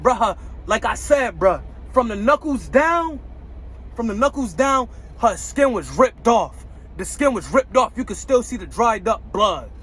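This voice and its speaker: A man's voice: extremely high pitch, big pitch swings, unhurried, a bit bright, slightly rough, poor audio. A man, a truck driver, telling a story to his viewers in casual slang, repeating phrases and speaking straight to them.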